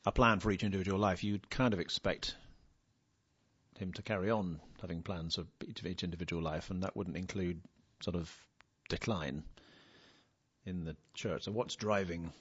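A man hosting a casual podcast, relaxed and chuckling, reading out listener questions. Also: low-pitched, normal speed, slightly rough, no echo. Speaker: podcast host. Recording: dull lo-fi sound.

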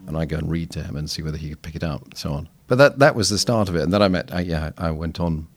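A man's voice: a bass voice, quick pace. A man, a guest on a podcast, telling stories reflectively with frequent restarts. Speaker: guest missiologist. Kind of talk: casual podcast conversation.

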